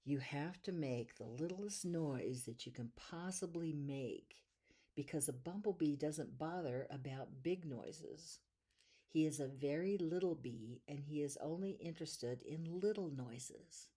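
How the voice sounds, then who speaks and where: Slow, low-voiced woman reading a bedtime story. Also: breathy edge. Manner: gentle, soothing, drawn-out repetitions. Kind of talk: bedtime story read aloud.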